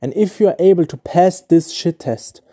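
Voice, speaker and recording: A man who isn't a native English speaker hosts a casual solo podcast, giving dating advice in a loose, explanatory way packed with "like" and "okay?". He often restarts and searches for words. His voice sits high and warm, with lively intonation at normal speed.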